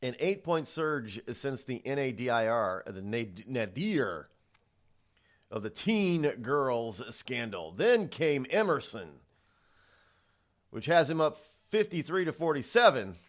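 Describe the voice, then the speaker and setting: A male talk show host giving political commentary, halting often with restarts and sighs. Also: medium pitch, sing-song.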